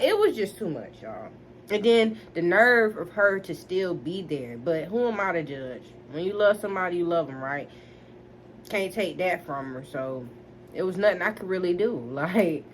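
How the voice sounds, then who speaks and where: A woman in her twenties tells a storytime vlog, animated and emphatic, talking straight to her viewers. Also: fairly low pitch, a little hiss or hum. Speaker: vlogger.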